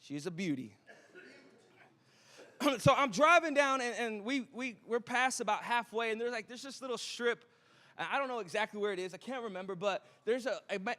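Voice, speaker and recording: A man, preaching a sermon as a pastor, chatty and joking with quick asides to the congregation. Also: high-pitched, sharp tone. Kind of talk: sermon with a storytelling opening. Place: church auditorium. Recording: long hall reverb.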